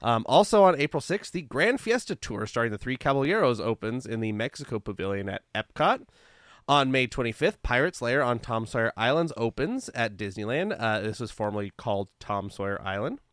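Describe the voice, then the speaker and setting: A man's voice: medium pitch, animated, fairly quick, a bit bright, no room sound, studio quality. A man co-hosting a podcast, chatting casually and reading out a history segment, and laughing at himself as he goes. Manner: chatty, laughs at himself, reads lists of dates. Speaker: podcast co-host.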